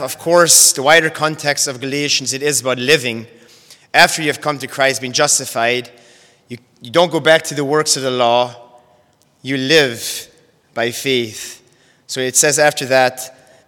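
A man teaching a sermon on Bible verses, measured and careful, often repeating and restarting phrases as he explains. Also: mid-range voice, a bit bright. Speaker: preacher. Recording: long hall reverb.

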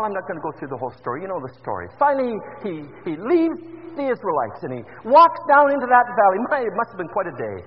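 High-voiced preacher in an echoing hall. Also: male voice. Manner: fervent, rising to loud emphasis. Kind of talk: sermon. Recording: dull lo-fi with long hall reverb.

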